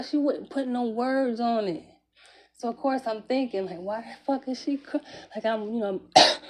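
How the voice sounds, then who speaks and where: A woman, telling a personal story in a candid, conversational way, swearing freely and chuckling between phrases. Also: fairly high pitch. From Jacksonville, Florida, US. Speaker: vlogger.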